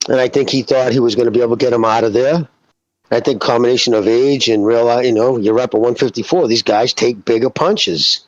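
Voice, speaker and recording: A man's voice: medium pitch, fairly even intonation, fairly quick, no room sound. A man co-hosting a casual podcast, blunt and swearing heavily. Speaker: podcast co-host. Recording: dull, lo-fi mic sound.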